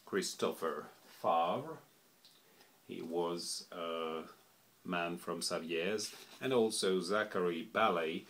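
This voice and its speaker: Man, lowish voice, slow and deliberate, unscripted explainer who stops often to think, faint noise behind him. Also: a bit bright. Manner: unhurried, thinking aloud with many fillers. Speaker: language explainer.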